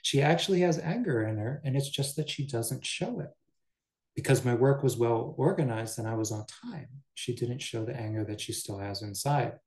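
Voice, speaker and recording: A scheming young servant woman, played by a man, thinking aloud in a calculating, musing way. The tone stays mellow and soft, and a roomy echo hangs around the voice. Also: mid-range voice, lively intonation, normal speed, lightly acted. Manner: musing, calculating inner thoughts.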